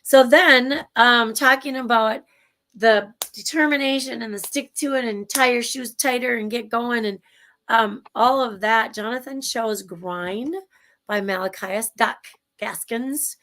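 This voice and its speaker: Chatty Minnesotan woman, higher voice. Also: measured pace, a bit bright. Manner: chatty and enthusiastic, rambling with restarts. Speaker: show co-host. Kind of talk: casual livestream chat. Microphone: video call.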